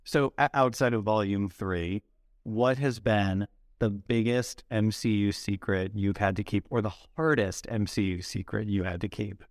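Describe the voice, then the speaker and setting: Low-voiced enthusiastic male host. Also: measured pace, dry recording, clean studio sound. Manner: enthusiastic, upbeat reactions. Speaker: podcast co-host. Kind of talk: casual interview questions.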